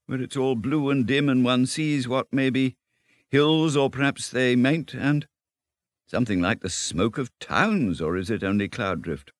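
A man's voice: mid-range voice, a little slow, dry recording, pitched above the performer's own voice, lightly acted. A man reading a storybook, voicing a shy, wondering young male mole who stammers and hesitates. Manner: hesitant, stammering, wide-eyed.

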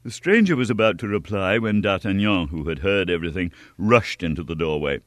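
A man narrates an adventure audiobook in a deep voice with wide, lively swings of pitch. The recording is close and dry, with no room sound. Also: brisk, few pauses, no room sound. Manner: lively, expressive storytelling.

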